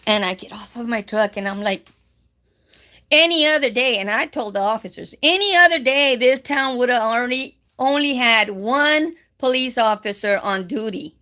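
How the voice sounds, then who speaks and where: A woman's voice: a little high, normal speed, few pauses, pushed and bright. A woman, chatting casually on a live stream in a rambling way full of fillers and with Spanish phrases mixed in. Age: 50s. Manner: mixes Spanish phrases into English.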